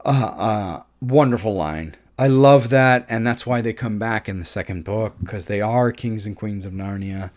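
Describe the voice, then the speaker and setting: A man's voice: on the low side, moderate pace, few pauses, darkish tone. A man giving an opinionated, casual movie review, his voice jumping up when he gets emphatic. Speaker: film reviewer.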